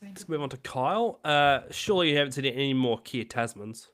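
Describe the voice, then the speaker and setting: Easygoing male podcast co-host, mid-pitched, reacts and jokes quickly. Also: lively intonation, a bit bright. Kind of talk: casual chat.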